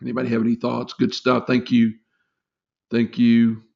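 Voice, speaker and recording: A man's voice: mid-range voice, monotone, normal speed, creaky. A middle-aged man training salespeople in a live webinar, chatty and encouraging, with lots of fillers. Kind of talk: casual live webinar talk. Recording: slightly dull lo-fi webinar audio.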